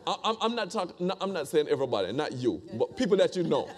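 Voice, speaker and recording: A man's voice: a little high, very animated, quick pace. A man preaching a conversational sermon, repeating phrases and asking the congregation rhetorical questions.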